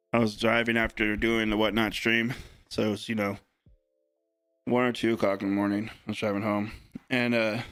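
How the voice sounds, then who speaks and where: A man's voice: mid-range voice, a bit bright, smooth, no room sound. Young man rambling through a story. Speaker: sports card breaker. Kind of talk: casual chat on a live stream.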